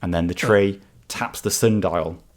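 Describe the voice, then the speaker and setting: Deep-voiced game master narrating hesitantly. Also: male voice, unhurried. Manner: hesitant, filler-heavy descriptive narration.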